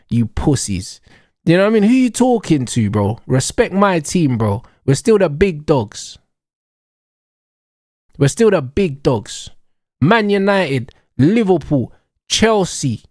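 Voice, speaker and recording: A man's voice: high-pitched, a little mellow, dry recording, clean studio sound. A young man ranting in a heated, mocking, slang-heavy way during a football watch-along. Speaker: streamer.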